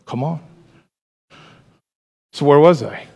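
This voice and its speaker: A man with a notably high voice preaches a sermon to his church. He keeps it animated and breaks off into joking asides and calls for the congregation to answer back. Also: takes it slowly, vocal fry, husky, dull audio. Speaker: pastor.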